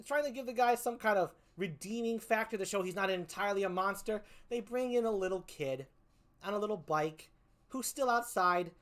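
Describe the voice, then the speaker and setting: A woman comedian doing a stand-up routine, profane, exasperated and mocking as she picks apart a film. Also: mid-range voice.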